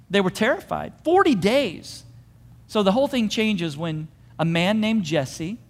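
High-voiced pastor preaching in a reverberant hall. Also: male voice. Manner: animated storytelling, acting out crowd voices. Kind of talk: sermon.

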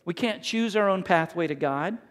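High-voiced preaching man. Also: animated, moderate pace. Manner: preaching with rhetorical questions and acted quotes. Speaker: pastor. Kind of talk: sermon.

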